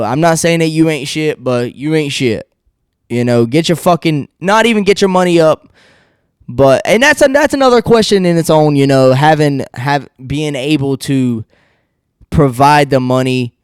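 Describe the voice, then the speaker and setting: A man hosts a solo podcast, ranting bluntly and rambling, swearing constantly, and laughing at his own remarks. His voice is fairly high and smooth, captured as clean studio sound with no room noise.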